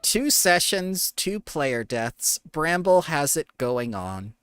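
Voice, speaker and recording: Slow, lively-voiced game master. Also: medium pitch, clear, resonant tone, no echo, faint music behind. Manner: giggly, apologetic, narrating dice results. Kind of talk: running a tabletop game online.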